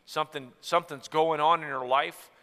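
A man preaches in an earnest style, dropping to a hush and then rising again. His voice is bright and sits a bit high. It rings with the long reverb of a big hall. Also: steady tone, normal speed. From Tennessee. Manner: earnest, swings from soft to loud. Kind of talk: sermon on marriage.

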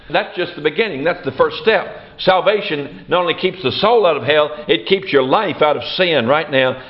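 A man preaching with emphatic, repeated phrases, drawing out key words for weight. His voice sits a little high for a man. The recording is dull and lo-fi. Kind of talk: sermon.

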